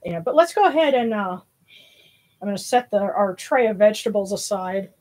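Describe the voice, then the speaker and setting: Hosting a spiritual livestream, this woman rambles in a relaxed, slightly breathless way, full of fillers and false starts. Her medium-pitched voice is expressive and a bit mellow, moving at a normal speed.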